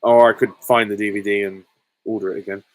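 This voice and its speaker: A man's voice: lowish voice, level tone, fast talker, low-quality recording. A man hosting a live stream, reading out viewer questions and answering them in a candid, chatty way.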